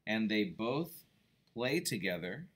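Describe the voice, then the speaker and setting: Expressive man reading a kids' book. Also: lowish voice, takes it slowly. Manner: expressive, explains words to kids. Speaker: storyteller reading to children. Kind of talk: children's picture book read-aloud.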